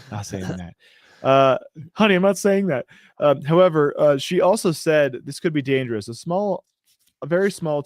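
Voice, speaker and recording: A man's voice: medium pitch, a little mellow, no room sound, clean studio sound. A man hosting a casual show, reading news items and riffing on them with jokes. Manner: joking, riffing asides while reading. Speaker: show host.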